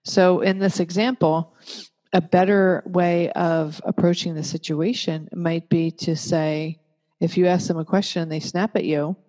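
A woman giving a calm, measured talk that teaches parents. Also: fairly low pitch. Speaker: parenting educator. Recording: long reverb.

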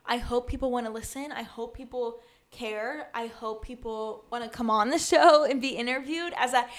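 A woman's voice: fairly high pitch, moderate pace. A woman in her twenties hosting her own podcast, talking in an earnest, chatty way with lots of "like" and restarts. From USA. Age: 20s. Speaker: podcast host. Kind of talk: casual solo podcast talk.

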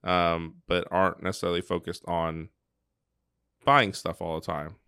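A man from Texas talking casually about family traditions, relaxed, with lots of "like" and "you know". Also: sits low, normal speed, clean tone, no echo, clean studio sound. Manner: relaxed, uses many fillers like "like" and "you know". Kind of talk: casual conversation.

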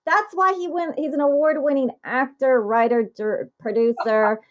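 A woman's voice: sits high, steady tone, moderate pace, dull audio. A woman hosting an interview, playful and teasing, who laughs often. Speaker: interview host. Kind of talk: casual interview chat.

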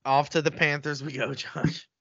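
A man co-hosting a casual sports podcast, excitable and quick to get heated as he rants. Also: a little high, vocal fry, husky, dry recording, dull audio. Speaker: podcast co-host.

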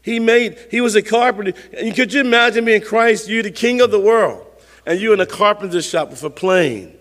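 A man's voice: high-pitched, moderate pace, fairly bright tone, big-room sound. A man preaching a sermon as pastor, talking it through conversationally with rhetorical questions and repeated phrases.

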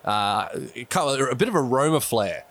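A man's voice: mid-range voice, very animated, moderate pace, fairly bright tone. A man doing casual, chatty co-commentary on a simulated cricket match. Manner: loose and chatty, with fillers and laughs.

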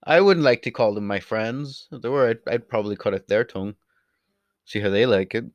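This young Irish vlogger chats away bluntly, cursing and drifting off topic, and now and then turns away from his desk mic. His voice is medium-pitched and fairly quick, and the sound is clean studio quality without echo.

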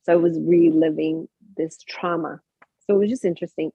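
In a deep, warm, husky voice with some creak, a woman talks a little fast with fairly even intonation about her spiritual experiences. She's a guest of Mexican heritage living in Canada, and her casual stories ramble with many restarts and fillers. The audio is dry, echo-free, and tinny like a phone call.

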